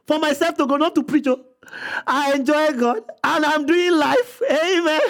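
A pastor preaching an emphatic sermon who repeats phrases and breaks into bursts of shouting. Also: high-pitched, moderate pace.

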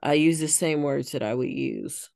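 A woman's voice: a bass voice, moderate pace, gravelly, darkish tone, dry recording, clean studio sound. A woman co-hosting a podcast in casual chat, thoughtful and searching for her words as she explains herself. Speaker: podcast co-host.

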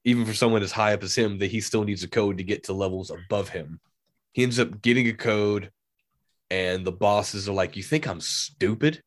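Low-voiced man recapping a film. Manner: animated retelling with quick acted quotes. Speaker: movie discussion co-host. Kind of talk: casual chat.

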